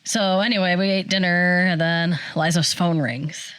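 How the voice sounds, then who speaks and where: A woman's voice: measured pace, clean tone, no room sound. A middle-aged woman, co-hosting a podcast and telling a story in casual chat, acting out the voices of other people. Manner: animated storyteller, acts out quoted voices high. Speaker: podcast co-host.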